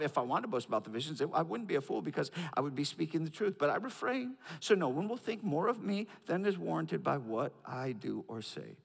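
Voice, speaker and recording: A male pastor preaching a sermon who swings from loud, emphatic highs to quiet, low asides, often repeating words as he builds a point. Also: gravelly. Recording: long hall reverb.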